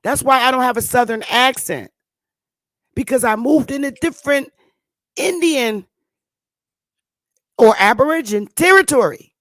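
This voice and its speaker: A woman's voice: sits high, measured pace, long pauses, fairly bright tone, no echo. A woman in her fifties with a Connecticut accent, hosting a talk show and lecturing viewers in an emphatic, repetitive way. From Connecticut, USA. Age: 50s. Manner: emphatic and repetitive, drawing words out. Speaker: show host.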